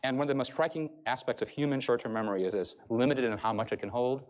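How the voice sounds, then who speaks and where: Man, professor, rapid university lecture, explanatory, mid pitch. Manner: brisk, explanatory, addresses the audience. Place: lecture hall.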